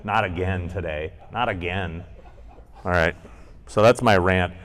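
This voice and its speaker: A man's voice: sits low, a little slow, a bit bright. A man co-hosting a podcast recorded live on a convention panel, telling a rambling, profane story and acting out the people in it. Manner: rambling, profane anecdotes with acted-out quotes. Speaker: podcast co-host.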